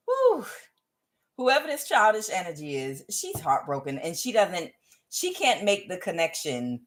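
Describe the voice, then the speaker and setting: A woman giving a tarot reading to camera, scolding and animated, with laughing asides. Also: low voice, poor audio. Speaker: tarot reader.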